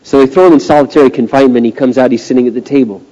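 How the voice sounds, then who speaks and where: A male pastor preaching a sermon, swinging from hushed, slow passages to loud, drawn-out climaxes. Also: mid-range voice, fairly even intonation, muffled recording. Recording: long reverb of a large hall.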